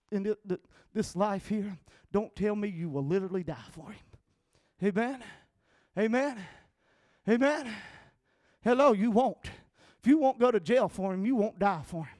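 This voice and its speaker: Southern male pastor, very high pitch, dry close mic, emphatic sermon delivery with shouted peaks. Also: no echo. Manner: emphatic, calls for amens, rising to shouts.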